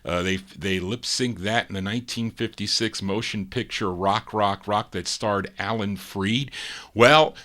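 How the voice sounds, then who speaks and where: Bright-voiced male record DJ. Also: lowish voice. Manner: easygoing and chatty, with frequent pauses to recall details. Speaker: radio show host and record DJ. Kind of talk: casual record commentary between songs.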